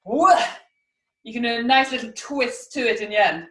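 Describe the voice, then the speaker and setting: Speaking quickly in a voice on the high side and a bit bright, a woman guides children through an acrobatics lesson over video from her home. She calls out moves, counts aloud, and makes animal sounds. Her voice echoes around the room, picked up from a distance.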